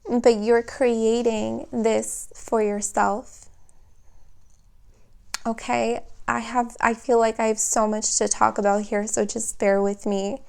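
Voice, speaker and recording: A woman reading tarot cards for her viewers, talking slowly and unhurriedly. Her voice sits a little high, and she often breaks off to exclaim as the reading moves her. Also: flat delivery, vocal fry, clean tone. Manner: emotional, exclaiming, thinking aloud. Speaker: tarot reader.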